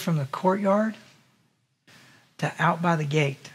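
Male pastor, high-pitched voice, casual sermon delivery with questions to the congregation. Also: slow, slightly rough. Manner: conversational, rhetorical questions to the congregation. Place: church in Las Vegas.

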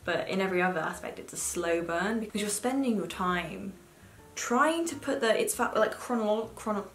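A woman's voice: medium pitch, animated, normal speed. A young woman in her twenties chatting casually as a book vlogger, swearing freely and filling her talk with "like". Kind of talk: casual chat. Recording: echoey room with faint music.

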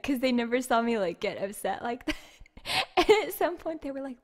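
A woman streamer telling a story in casual livestream chat, animated and talkative, with a lot of filler "like". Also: medium pitch, fairly quick, in a large hall. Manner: animated, chatty, heavy use of "like".

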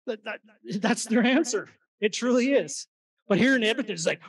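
A man gives an energetic seminar talk to a live crowd, firing questions at the audience. His voice sits high for a man. He sounds some way off the microphone in a meeting room. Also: moderate pace, slightly rough, far from the mic, poor audio. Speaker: real estate investing presenter. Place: meeting room at an investor event.

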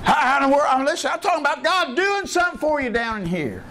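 A man preaching a sermon as pastor, telling folksy stories and climbing into excited high bursts. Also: quick pace, a little hiss or hum. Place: church.

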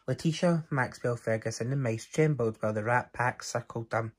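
A man reading a children's story aloud, his mid-range voice lively and expressive. He tells the story with care, as for young listeners. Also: medium pitch, moderate pace, few pauses.

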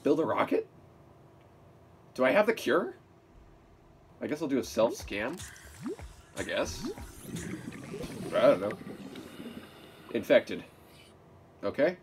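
A man's voice: medium pitch, very animated, slow pace, long pauses, a little hiss or hum. A man hosting a let's play, chatting playfully through casual gaming commentary and talking to the creatures on screen. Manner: playful, chatty, gushes and talks to game creatures. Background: game music.

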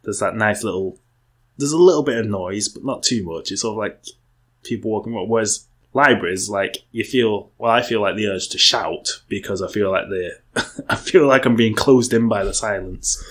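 A man's voice: on the low side, normal speed, a bit bright. A young man, co-hosting a podcast in casual, rambling chat full of fillers and restarts. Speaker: podcast co-host.

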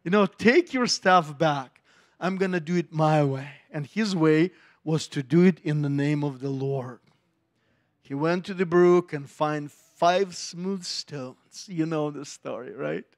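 A middle-aged man preaches, his voice pitched fairly high for a man. He takes his time, speaking slowly and deliberately, and brings the story to life by acting out the voices of its people. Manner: animated storytelling, acting out voices of biblical figures. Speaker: pastor. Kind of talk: sermon.

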